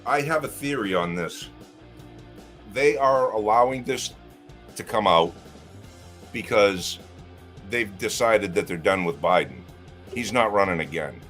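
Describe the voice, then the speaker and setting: Male co-host, low-pitched voice, opinionated banter full of swearing, faint music behind. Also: lively intonation, unhurried, pauses often, a bit bright. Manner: profane, opinionated, jokey. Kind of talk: casual chat.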